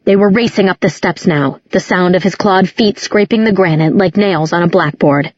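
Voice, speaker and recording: A woman reading a dark fantasy novel aloud as scripted storybook narration, in a measured, dramatic way. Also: on the low side, dry recording. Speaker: audiobook narrator. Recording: dull lo-fi audiobook recording.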